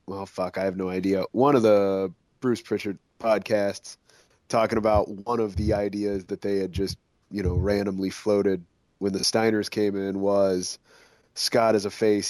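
Low-voiced man in dry, rambling chat. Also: little pitch movement, moderate pace, a little mellow, no room sound. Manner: rambling, profane, hesitant. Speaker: podcast co-host. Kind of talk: casual chat.

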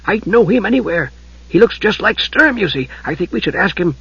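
A man voicing a small, excitable male kender with a shrill, whiny, chattering voice in a fantasy audiobook. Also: slow pace, no room sound, lo-fi sound, exaggerated voice. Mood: eager.

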